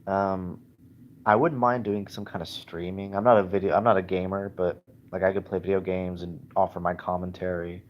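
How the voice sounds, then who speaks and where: A man chatting casually and candidly from bed on a livestream, halting and self-deprecating, recorded on a dull lo-fi track with faint hiss. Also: low voice, flat delivery. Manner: hesitant, halting, lots of fillers and restarts. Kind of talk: casual rambling livestream chat. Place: in bed at home.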